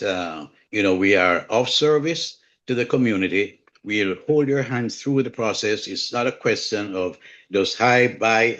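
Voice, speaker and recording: A man in his sixties with a Jamaican accent, a home inspector speaking as a guest on an online community call, earnest and measured, repeating his key points. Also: lowish voice, a bit bright. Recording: dull lo-fi online call audio.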